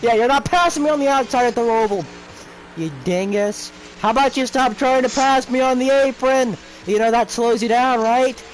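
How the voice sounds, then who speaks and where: A man's voice: very high-pitched, moderate pace, a little hiss or hum. A young man streaming a racing game, ranting at other racers and repeating himself. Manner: repeats phrases over and over. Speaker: gaming streamer. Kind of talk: live gameplay commentary.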